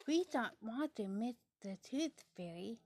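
A woman reading aloud, voicing a curious little girl piglet in an excited, questioning way, partly whispered. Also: on the high side, a little slow. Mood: eager. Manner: excited, bright and questioning, with soft whispered stretches.

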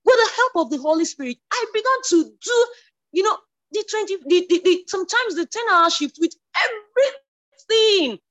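A woman giving a spoken church testimony, stumbling over restarts, then rising to emotional, near-shouted declarations. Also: very high voice, animated, moderate pace. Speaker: church member sharing a testimony.

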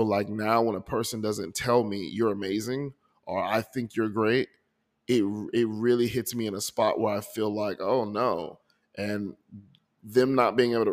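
A man hosting his own podcast, talking earnestly and emotionally about his month, often restarting his sentences. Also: lowish voice. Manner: earnest, emotional, many restarts and repeated words. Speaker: podcast host. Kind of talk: reflective personal audio journal. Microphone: desk microphone.

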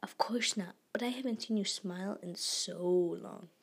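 A woman voicing a scared, defiant boy in hiding, in a whispery, gravelly voice. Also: mid-range voice, normal speed. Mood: hurt. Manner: anxious, defiant. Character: frightened Jewish boy in hiding.

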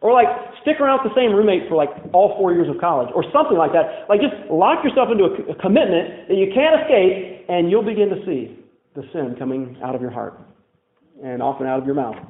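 A man's voice: high-pitched, expressive, brisk, echoey room, phone-quality sound. A man preaching a sermon as a pastor, telling candid personal stories in a conversational way full of "like" fillers. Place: church.

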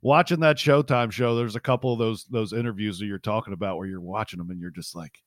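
A man's voice: fairly low pitch, fast talker, dry recording. Laid-back man podcasting, dry sound. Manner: laid-back, blunt, swears and laughs easily. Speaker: boxing podcast co-host. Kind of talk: casual podcast chat.

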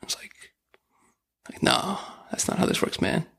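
A man's voice: normal speed, a bit bright, whispered. A man hosting a podcast, telling his own story in a laid-back, wry way. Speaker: podcast host. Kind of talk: casual chat.

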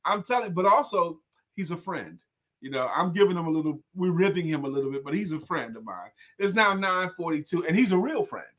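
A man's voice: a little high, fairly quick. A man hosting a morning show, chatting casually, laughing and teasing his guests. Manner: lively, laughs often, ribs his guests. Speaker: show host.

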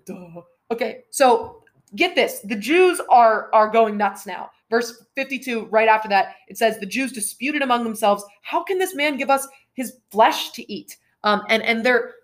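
A woman giving a casual, chatty bible teaching with playful asides and frequent filler words. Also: fairly high pitch.

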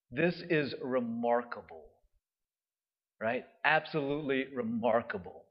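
A man preaching a sermon in a lively, conversational way, often checking in with the listeners. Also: a little high. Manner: animated, conversational, often asks "right?". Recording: dull lo-fi sound.

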